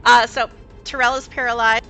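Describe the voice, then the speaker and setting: A woman running a tabletop game as game master over voice chat, narrating rolls and attacks with a lively manner, her voice glitching robotically on a bad connection. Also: on the high side, moderate pace, faint music behind, low-quality recording. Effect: glitchy, robotic dropouts from bad connection. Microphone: voice chat call.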